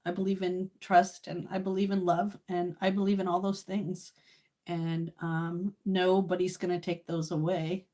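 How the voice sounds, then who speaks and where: A woman's voice: on the low side, little pitch movement, a little slow, a little mellow. Emotional, tearful woman in her sixties. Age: 60s. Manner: emotional, tearful and laughing by turns, many fillers. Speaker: live streamer. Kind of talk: casual live stream chat.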